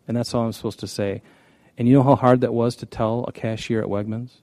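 A man's voice: mid-range voice, fairly even intonation, brisk, dark tone, dry recording. A man preaching a conversational sermon, telling stories in a folksy way with frequent restarts. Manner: folksy, storytelling, many restarts. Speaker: pastor.

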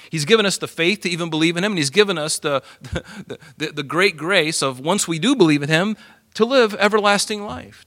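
A man preaching a sermon, lively and animated, swinging from loud emphasis to hushed asides. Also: a little high, no room sound, studio quality. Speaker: pastor.

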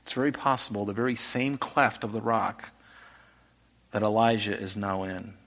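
A man preaching an earnest sermon, posing rhetorical questions and swinging between loud, emphatic lines and soft, hushed ones. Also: lowish voice, moderate pace. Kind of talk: expository sermon.

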